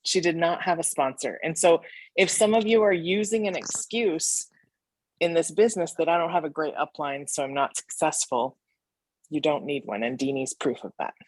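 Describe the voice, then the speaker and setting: A woman with a very low voice gives encouraging closing remarks as co-host on a video call. The sound is dry and close, and she speaks with emphatic, motivating warmth. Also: moderate pace, no room sound. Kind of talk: casual motivational talk.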